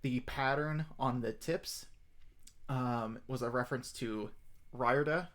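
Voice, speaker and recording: Male streamer, casual rambling talk, filler-heavy, mid pitch, gets excitable. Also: takes it slowly.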